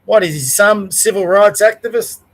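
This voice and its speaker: An Australian man with a notably high-pitched voice hosts his own show. He talks in a plainspoken, conversational way, whether reading scripture aloud or ranting about the day's news. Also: moderate pace, low-quality recording. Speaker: podcast host. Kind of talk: Bible reading and casual news rant.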